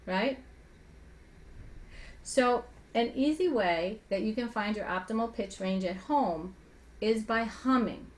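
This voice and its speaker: This woman, a guest voice coach who used to sing, teaches conversationally with demonstrations and rhetorical questions about using the voice. She speaks slowly with frequent pauses, in a slightly high, singer-trained voice.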